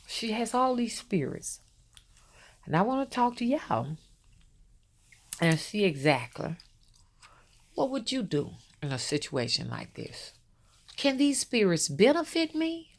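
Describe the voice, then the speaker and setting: A woman's voice: fairly low pitch, animated, moderate pace. A woman, a spiritual rootworker talking loosely and directly to her viewers. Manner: loose, storytelling, addresses viewers as y'all. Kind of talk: casual spoken monologue to viewers.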